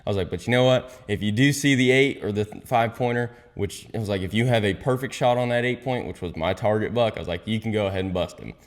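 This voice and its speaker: Low-voiced young man telling a story. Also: fast, hardly any pauses, long reverb tail. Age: young adult. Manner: animated storyteller, swears freely, mutters asides in a whisper. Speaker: guest. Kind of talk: casual storytelling.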